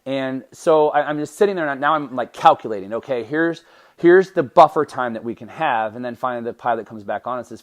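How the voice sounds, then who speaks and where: A man in his thirties tells a personal story on his podcast. He talks at an ordinary middle pitch and keeps his delivery animated. He often breaks off, starts his sentences over and laughs between thoughts. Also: brisk. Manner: animated, self-interrupting storytelling with restarts and laughs. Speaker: podcast host.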